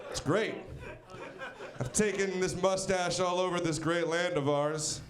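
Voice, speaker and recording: A man's voice: high-pitched, steady tone, a little slow, a crowd in the background. A man from Pennsylvania doing a stand-up comedy set with a punchy, wry storytelling delivery. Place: comedy stage.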